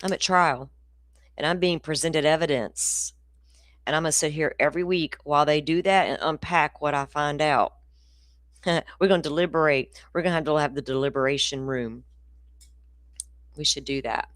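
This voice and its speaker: A woman's voice: sits low, moderate pace, pauses often, dry recording, studio quality. A middle-aged woman, hosting a casual true crime livestream in a rambling, profane, ranty way.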